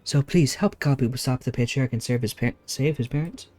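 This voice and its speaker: A man's voice: mid-range voice, normal speed, a little mellow, natural voice. A man voicing a small, frightened kobold boy in a game, pleading with repeated words.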